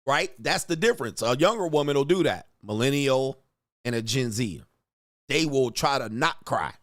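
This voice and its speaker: A man hosting a commentary show, ranting bluntly and mockingly, with profanity and quick mimicked voices. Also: mid-range voice, animated, a bit bright, dry recording. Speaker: host. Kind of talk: casual commentary rant.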